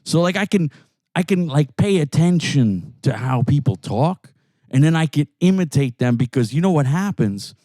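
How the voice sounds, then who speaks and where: Older Brooklyn man, profane and rambling co-host; lively, swooping delivery, dry close sound. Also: fairly high pitch, normal speed, dry recording. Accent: Brooklyn New York. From Brooklyn, New York. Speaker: podcast co-host. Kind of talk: crude casual banter. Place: inside a car.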